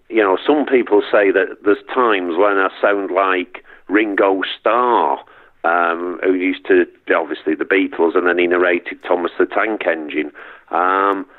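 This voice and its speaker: Middle-aged manchester guy on a phone line, lowish voice, stumbles and repeats himself a lot. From Northern England. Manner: halting, many restarts and repeats. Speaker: guest, performer. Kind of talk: casual interview chat.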